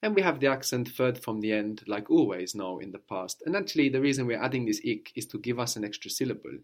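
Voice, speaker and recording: A man's voice: mid-range voice, animated, fast talker. A man teaching a spoken language lesson, patiently explaining and often checking with "no?".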